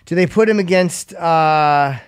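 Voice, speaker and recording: A man's voice: on the high side, measured pace, clear, resonant tone, dry recording, clean studio sound. A man hosting a podcast, telling rambling self-mocking stories in casual chat and swearing freely. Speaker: podcast host.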